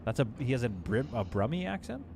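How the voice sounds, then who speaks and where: A man with a mild Canadian accent hosts a casual live game stream. His pitch swings freely as he jokes and replies to chat. Faint game music plays behind him. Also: very animated, brisk, vocal fry. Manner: playful, chatty, reads and answers chat. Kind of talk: casual live gameplay commentary.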